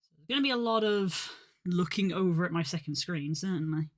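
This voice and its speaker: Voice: medium pitch, fairly quick. A live streamer chatting casually and a little out of breath, rambling with lots of fillers and poking fun at their own lateness. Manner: rambling, filler-heavy, self-deprecating. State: slightly out of breath.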